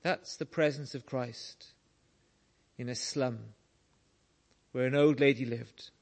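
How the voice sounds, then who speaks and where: Slow, earnest male preacher. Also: mid-range voice, fairly even intonation, a little mellow. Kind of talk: sermon.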